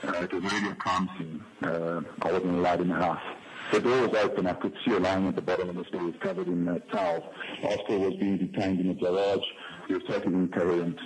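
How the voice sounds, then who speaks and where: A man's voice: low voice, quick pace, creaky. A man recounting events in an interview, hesitant and full of fillers. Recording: noisy archive interview.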